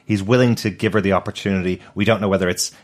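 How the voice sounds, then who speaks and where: A man co-hosting a podcast, chatting briskly about a TV episode and chuckling now and then. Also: sits low, steady tone. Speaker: podcast co-host.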